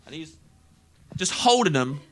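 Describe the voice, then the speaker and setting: A young English stand-up comedian tells a self-mocking story in a high, bright voice. His pitch swings all over, and he laughs through his lines. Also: sing-song, a little slow, faint music behind. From England.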